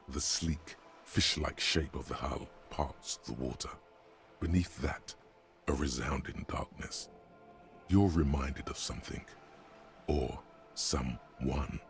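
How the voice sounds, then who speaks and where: An actor voicing a deep, ominous narrator in a video game. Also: male voice, slow, soft background music, exaggerated voice. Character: deep omniscient inner-voice narrator, man. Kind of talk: game voice acting.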